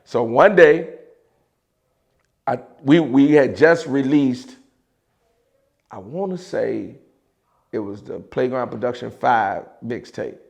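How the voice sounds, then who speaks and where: Gravelly Chicago man telling a story. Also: medium pitch, slow pace, pauses often, dull audio. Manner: animated, mimics voices of others in quotes, frequent laughs and slang. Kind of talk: casual storytelling.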